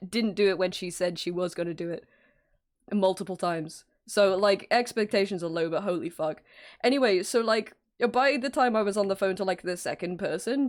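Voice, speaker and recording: A woman streamer telling a story in a casual, exasperated way, acting out the people involved with some swearing. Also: medium pitch. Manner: exasperated, animated retelling with acted-out quotes and swearing.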